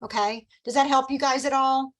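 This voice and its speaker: A middle-aged woman leads a team meeting with a bright, high-pitched voice. She coaches in an upbeat, encouraging way and slips into quick acted-out customer lines. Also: fairly even intonation, poor audio. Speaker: sales director leading a team meeting. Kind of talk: motivational team meeting talk.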